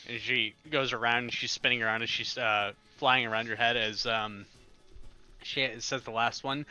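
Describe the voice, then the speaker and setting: A man narrating as game master in a tabletop game, in a relaxed, halting way with fillers. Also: medium pitch, smooth, no room sound. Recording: dull lo-fi audio, faint music.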